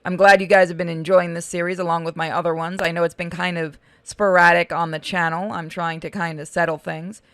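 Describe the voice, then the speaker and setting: Smooth-voiced woman narrating a text game. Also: lowish voice, little pitch movement, brisk, hardly any pauses, no echo, clean studio sound. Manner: casual, reading game text aloud. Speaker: let's-play host.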